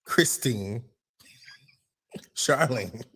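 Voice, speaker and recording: A man's voice: medium pitch, lively intonation, very slow, a bit bright, husky. A man co-hosting a casual podcast chat, blunt, laughing often and swearing freely. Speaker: podcast co-host.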